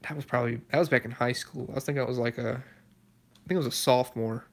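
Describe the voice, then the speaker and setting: Young guy from alabama, bright voice, laid back chatty car channel host, laughs a lot. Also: medium pitch, steady tone, fast talker, creaky. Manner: laughs often, easygoing and talkative. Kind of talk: casual chat answering live viewer comments.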